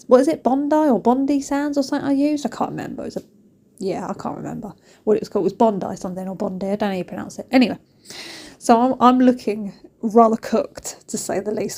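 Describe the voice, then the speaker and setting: A woman telling stories in a chatty, animated way, recording a voice-over in her kitchen. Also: mid-range voice. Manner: chatty, animated, laughing storyteller. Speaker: vlogger. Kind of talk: casual storytelling voice-over.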